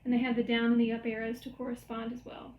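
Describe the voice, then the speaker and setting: Woman, high voice, music teacher, recorded lecture, step-by-step explanations, echoey room. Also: monotone, quick pace, muffled recording, slight background noise. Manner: explains step by step, chants rhythm syllables.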